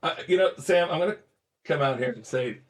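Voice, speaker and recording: Upbeat chatty man, fairly high voice. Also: lively intonation, a little fast, a little hiss or hum. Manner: upbeat, chatty, keeps the game moving. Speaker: podcast co-host. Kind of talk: casual podcast chat.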